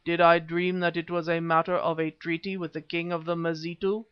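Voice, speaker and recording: A man reading an audiobook, voicing an ancient, half-human male wizard-priest who speaks in a slow, rumbling, threatening way. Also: little pitch movement, clean tone, lightly acted. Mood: commanding. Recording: dull lo-fi recording.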